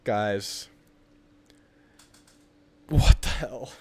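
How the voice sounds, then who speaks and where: A young man hosting a live football watch party, reacting excitedly and ranting with frustration. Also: lowish voice, extremely slow, breathy edge. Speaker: sports channel host.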